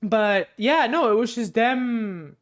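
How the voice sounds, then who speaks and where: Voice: medium pitch, animated, takes it slowly. A movie reviewer casually recapping a film with spoilers, rambling loosely with lots of fillers, restarts and swearing.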